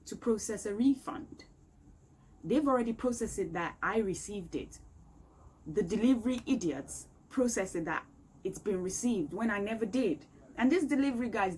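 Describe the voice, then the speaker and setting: Vlogging from a room at home, a woman rants emphatically and with exasperation about a complaint. Her mid-range voice is dark in tone, the recording is rough, and faint street noise comes from outside.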